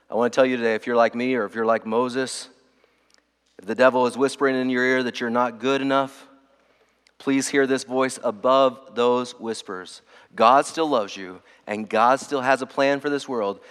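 A male pastor preaching a sermon in a church, earnest and emphatic, softening to a hushed tone in prayer. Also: medium pitch, steady tone, moderate pace, smooth, long reverb tail.

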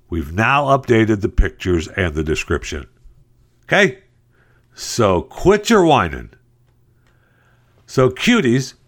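A male talk show host offers sarcastic, exasperated commentary on the news, jumping between a high mocking tone and a low grumble. His sound is a bit bright.

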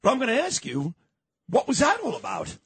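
A man hosting a talk radio show, brash, fast and emphatic. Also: extremely high pitch, wildly swooping pitch, fairly bright tone, slightly rough, dry recording. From New York. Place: radio studio.

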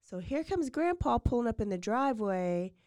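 A woman's voice: on the high side, big pitch swings, moderate pace, a little mellow. A woman hosting a podcast, casually retelling a true-crime story with lots of fillers and acted-out quotes. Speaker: podcast host.

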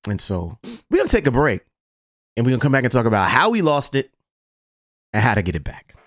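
A man hosting a podcast, telling a story in a casual, animated, profane way. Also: medium pitch, fairly quick, heavy background noise. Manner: animated, profane, laughs through his story. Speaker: podcast host.

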